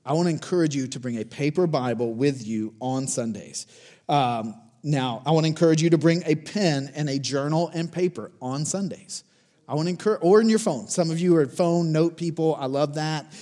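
A man in his forties delivers a sermon in a relaxed, conversational way, urging his congregation on and circling back to the same challenges. His voice sits a little high for a man. Its tone stays warm and mellow rather than bright. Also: moderate pace. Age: 40s. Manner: conversational, encouraging, repeats challenges. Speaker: pastor.

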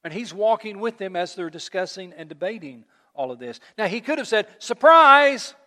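A man's voice: high voice, lively intonation, fairly quick. A man preaching a sermon in a conversational way, acting out quotes and repeating words. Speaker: pastor. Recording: long hall reverb.

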